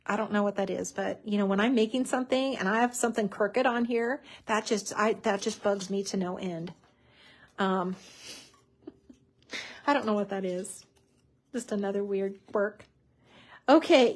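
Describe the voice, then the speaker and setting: A chatty woman hosts a live craft tutorial with a bubbly, easygoing manner. Her voice sits a little high, and she leans on fillers as she talks. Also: slightly rough.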